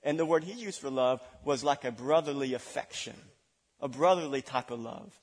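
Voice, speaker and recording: A man preaching a sermon, dramatic, swinging between loud declarations and hushed asides. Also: mid-range voice, normal speed. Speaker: pastor. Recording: long reverb of a large hall.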